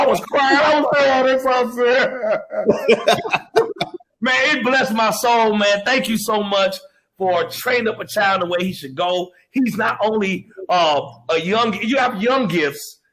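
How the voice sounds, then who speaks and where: A male host with a high, bright-sitting voice talks with exuberant energy. He exclaims and laughs freely as he introduces his guests, in a loose, excited live-show style. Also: moderate pace, poor audio.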